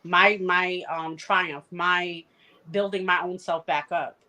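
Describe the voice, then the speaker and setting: A woman's voice: fairly low pitch, steady tone, slow, pushed and bright. A woman on a podcast speaking bluntly and frankly, with casual swearing. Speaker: podcast co-host.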